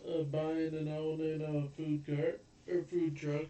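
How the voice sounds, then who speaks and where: A man with a mellow, slightly higher voice adds short remarks to a movie chat. He sits away from the mic, so his voice comes through roomy and distant. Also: completely flat delivery, slow, a little hiss or hum. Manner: brief interjections. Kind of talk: casual chat.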